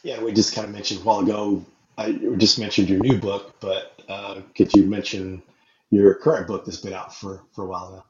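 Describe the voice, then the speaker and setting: Low-voiced male host in an echoey room. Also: a little fast. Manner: relaxed, hesitant questioning with fillers. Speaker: podcast host. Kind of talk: casual interview. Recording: echoey, muffled, with crowd noise.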